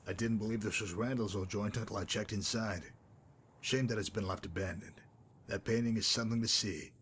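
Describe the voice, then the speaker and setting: A man voicing a smug, sardonic male messenger-mercenary in a game, dry and mocking in manner, wordy and unhurried. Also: lowish voice, fairly even intonation, a bit bright, a little hiss or hum, natural voice. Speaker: game character. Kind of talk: voiced game dialogue.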